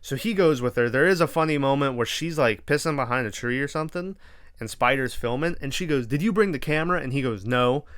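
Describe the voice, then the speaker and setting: Young male podcast host, casual and profane, smooth clear voice, mid pitch. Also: a little fast, a bit bright. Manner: rambling, profane, acts out characters' lines. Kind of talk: casual movie recap.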